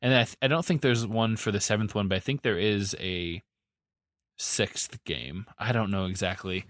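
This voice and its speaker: Low-voiced man rambling on a podcast. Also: moderate pace, a bit bright, dry recording, clean studio sound. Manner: rambling, easygoing, many fillers. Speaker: podcast co-host. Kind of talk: casual chat.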